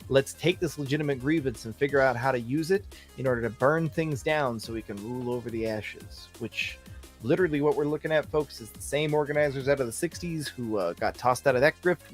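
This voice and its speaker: Joking american man hosting a livestream. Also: medium pitch. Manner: animated, jokey, talks straight to the chat. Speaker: livestream host. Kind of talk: casual livestream commentary.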